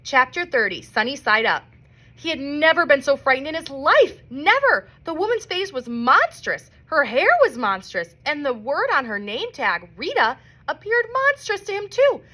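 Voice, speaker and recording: Lively woman reading a storybook aloud. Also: sits high, normal speed. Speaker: reader. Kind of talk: reading a children's novel aloud.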